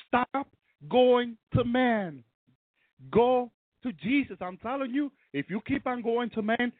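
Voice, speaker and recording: A man's voice: very high-pitched, dry recording, narrow, tinny audio. A man preaching a sermon with fervor, often breaking into hallelujahs. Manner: fervent, peppered with hallelujahs.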